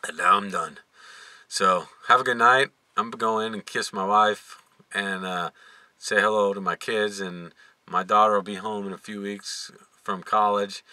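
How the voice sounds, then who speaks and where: A man's voice: lowish voice, normal speed, no room sound. A middle-aged man telling a story to camera in a casual, joking vlog, tired and yawning as he talks. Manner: animated and joking, laughing between lines. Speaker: vlogger.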